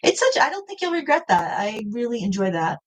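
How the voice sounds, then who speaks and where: A woman's voice: fairly high pitch, big pitch swings, a little fast, slight background noise. A middle-aged woman hosting a casual art live stream, rambling and correcting herself as she talks about her paintings. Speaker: art channel host.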